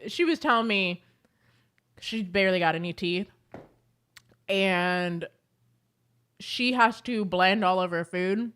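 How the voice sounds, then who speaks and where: A young adult woman chatting casually to camera as a beauty vlogger, telling animated stories with lots of fillers. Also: mid-range voice, smooth.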